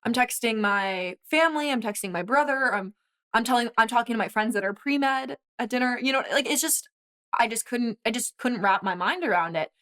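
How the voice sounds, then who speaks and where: Animated young woman telling a story. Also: a little high. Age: 20s. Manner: animated storyteller, quick asides and laughs. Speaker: guest, former college swimmer. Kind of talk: casual conversation.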